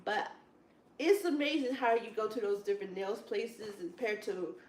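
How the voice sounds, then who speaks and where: A woman in casual chat at a Bible study, telling rambling, animated stories with lots of "it's like, wow.". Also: medium pitch, moderate pace. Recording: echoey room, distant from mic.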